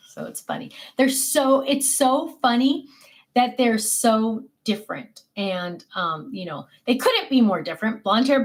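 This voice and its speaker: An older woman hosting a crafting livestream, chatting casually to her viewers and telling animated family stories. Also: high-pitched. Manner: chatty, animated storytelling with laughs.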